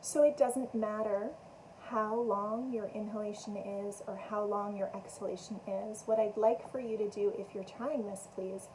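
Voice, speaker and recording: A woman meditation teacher calmly guiding listeners through a breathing exercise with gentle, unhurried instructions. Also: mid-range voice, a little hiss or hum, low-quality recording.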